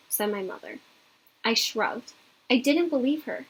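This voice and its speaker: Husky-voiced woman teacher reading a story aloud. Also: fairly high pitch. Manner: expressive storytelling, pausing to explain the story. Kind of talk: reading a children's book aloud in a lesson.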